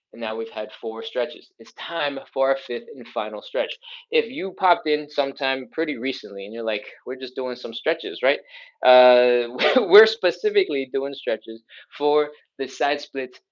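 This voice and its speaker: A stretching instructor coaches a live follow-along workout, chatty and upbeat, with playful exclamations as he explains each move. His voice is mid-range, and the sound is lo-fi.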